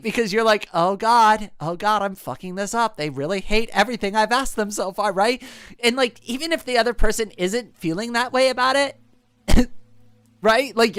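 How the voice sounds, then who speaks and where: A woman's voice: on the high side, no room sound. A woman live streamer in casual chat, handing out friendly advice in a chatty, playful way, often laughing and tagging lines with "right?". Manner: chatty, peppers speech with "like" and "right?".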